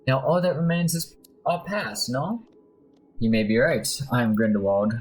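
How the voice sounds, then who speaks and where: A man voicing a smooth-talking male mercenary bodyguard in a put-on Spanish accent, sly and persuasive, while playing a game. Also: mid-range voice, moderate pace, faint music behind, voice pushed up, close to an everyday voice, low-quality recording. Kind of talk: let's play voice acting.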